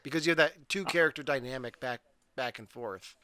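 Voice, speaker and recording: A man's voice: mid-range voice, fairly quick, pushed and bright, slight background noise. A man hosting a casual podcast chat, leading the talk and asking his co-hosts questions. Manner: leads the talk, asks questions. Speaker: podcast host.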